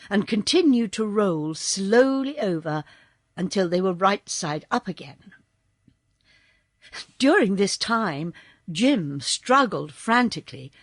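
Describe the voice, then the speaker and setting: A woman reading a children's storybook aloud as audiobook narrator, slow and expressive. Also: medium pitch, dry recording, clean studio sound. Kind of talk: scripted narration.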